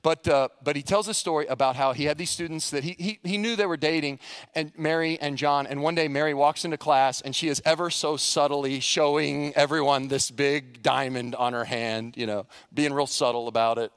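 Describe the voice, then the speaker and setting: A man's voice: a little high, fairly even intonation, a little fast, fairly bright tone, clear, resonant tone, no echo, clean studio sound. A male pastor preaching a sermon, telling stories with animation and putting questions to the congregation.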